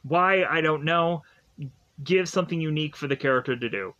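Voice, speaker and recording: A man's voice: a little high, fairly quick, a bit bright, dull audio. Rambling, jokey young man reviewing a show. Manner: rambling, jokey, many fillers and asides. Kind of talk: casual recap commentary.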